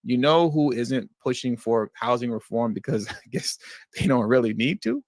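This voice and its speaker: A man hosting a livestream, reacting to news clips with animated, indignant commentary that slips into slang. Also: mid-range voice, normal speed, dry recording, studio quality. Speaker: livestream host.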